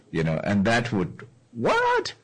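Low husky man, lively questioning delivery. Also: rough recording. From Namibia. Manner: repeats key phrases, asks the listener questions. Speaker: radio or podcast host. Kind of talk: solo commentary on the economy.

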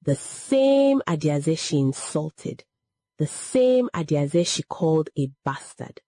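A woman narrating a scripted story in a measured, emotive storytelling manner. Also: sits low, warm tone, breathy edge, dry recording.

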